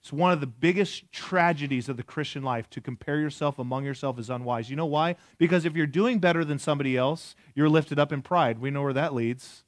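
A man's voice: on the high side, a little fast, hardly any pauses, no room sound, clean studio sound. Conversational man in his forties preaching. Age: 40s. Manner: conversational, asks the audience questions, jokes. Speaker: pastor. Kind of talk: sermon.

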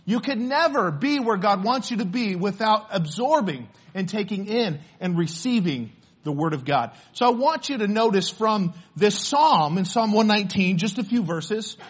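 A man's voice: high voice, expressive, normal speed, hardly any pauses, husky. A man preaching a sermon in church, earnest and storytelling, often restarting his words. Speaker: pastor.

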